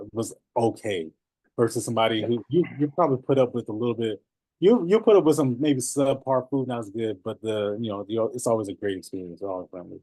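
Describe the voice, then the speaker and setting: Mężczyzna prowadzący luźny wykład, suche nagranie. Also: male voice, lowish voice, dry recording. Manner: animated, laughs often, repeats phrases. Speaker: notary business coach. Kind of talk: casual teaching talk.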